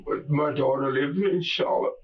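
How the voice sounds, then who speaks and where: An older man giving a slow, repetitive and emotional statement in a police interrogation, heard through muffled recording. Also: a little high. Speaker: murder suspect in interrogation. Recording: muffled, distant interrogation room audio.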